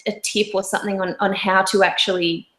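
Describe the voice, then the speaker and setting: A woman's voice: mid-range voice, little pitch movement, brisk, a bit bright. A woman host speaks with open enthusiasm and feeling, chatting to her viewers in a casual webinar. Her mid-range voice carries a roomy echo. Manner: enthusiastic, emotional, chatty with audience.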